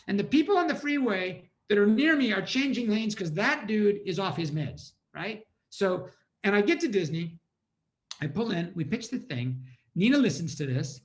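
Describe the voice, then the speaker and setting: A man's voice: high voice, big pitch swings, moderate pace. A man giving an inspirational storytelling talk over a video call at a community holiday event, acting out his own past thoughts.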